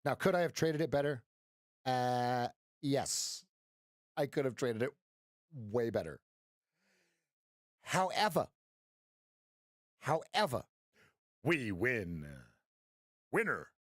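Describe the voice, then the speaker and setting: Animated male trading coach. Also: mid-range voice, slow, long pauses, dry recording, clean studio sound. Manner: playful, jokey, makes sound effects. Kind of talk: live-stream trading commentary.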